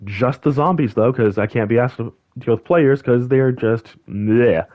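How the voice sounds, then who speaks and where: A young man hosting a gaming channel, chatting casually over gameplay in a rambling, animated way, full of fillers and restarts. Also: medium pitch, moderate pace, narrow, tinny audio.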